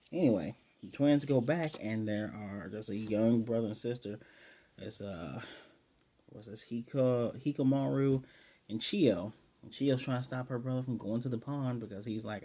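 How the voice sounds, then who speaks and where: A man's voice: medium pitch, moderate pace, dark tone. A man giving a casual, rambling episode recap and review of an anime, with sarcastic asides.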